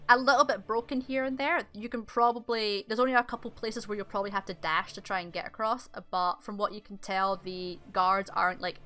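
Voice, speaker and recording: A woman's voice: medium pitch, fairly even intonation, a little fast, hardly any pauses, bright, forceful tone. A woman narrating as game master in a casual, rambling way with many fillers.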